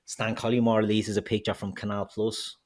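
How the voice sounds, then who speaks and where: Low-voiced man ranting with heavy swearing. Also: level tone, fairly quick, a little mellow. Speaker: podcast co-host. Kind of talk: heated football chat.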